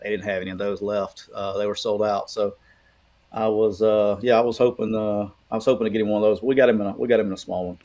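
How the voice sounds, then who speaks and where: A man's voice: on the low side, quick pace. A middle-aged man from Alabama co-hosting a casual sports chat, telling rambling stories full of restarts. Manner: rambling, animated storytelling with restarts. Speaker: co-host.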